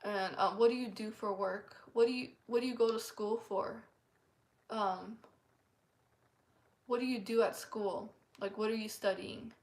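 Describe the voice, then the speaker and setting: A woman's voice: medium pitch, fairly even intonation, a little slow, echoey room, close to an everyday voice. A woman voicing a falsely friendly, nosy man who asks prying questions one after another.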